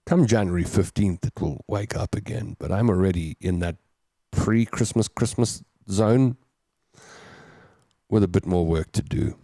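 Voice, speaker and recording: A man's voice: deep voice, unhurried, warm tone, no echo, studio quality. A man with a South African accent hosting a show, casually chatting and joking as he reads out viewer comments. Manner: chatty, jokey, reads comments aloud and riffs on them. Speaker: host.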